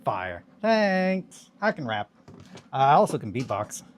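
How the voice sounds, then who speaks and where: A man's voice: mid-range voice, sing-song, a little slow. A man streaming a casual hobby chat, rambling and chatty, swearing casually.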